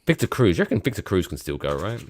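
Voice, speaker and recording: A man co-hosting a casual sports podcast, joking and sarcastic, with swearing and quick tangents. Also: low voice, big pitch swings, a little mellow. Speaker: podcast co-host.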